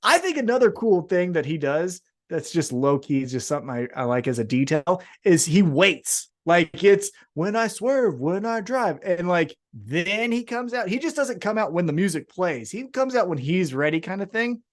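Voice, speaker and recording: Young male podcast co-host, lively, swears freely, loose chat. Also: high-pitched. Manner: animated, swearing, quick asides. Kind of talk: casual wrestling podcast chat.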